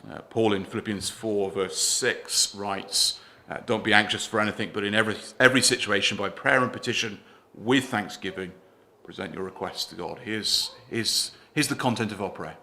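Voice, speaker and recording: Bright-voiced male preacher giving a sermon. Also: on the low side, fairly even intonation, moderate pace. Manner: earnest, asks the congregation questions, drops softer at line ends. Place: church.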